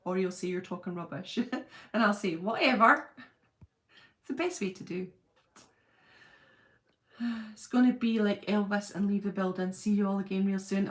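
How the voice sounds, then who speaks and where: On her casual livestream, a middle-aged host chats and laughs, greeting viewers by name as she reads their comments. Her voice is medium-pitched and steady, at a normal pace.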